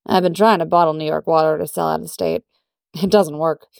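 A woman voicing an easygoing middle-aged businessman who speaks in a breezy, gently teasing way. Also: sits low, steady tone, fairly quick, vocal fry, dry recording, clean studio sound. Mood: gentle.

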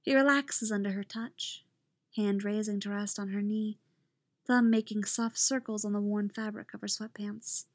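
A woman narrating a story aloud in a calm, even reading voice. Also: medium pitch, normal speed, no room sound. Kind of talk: reading fan fiction aloud.

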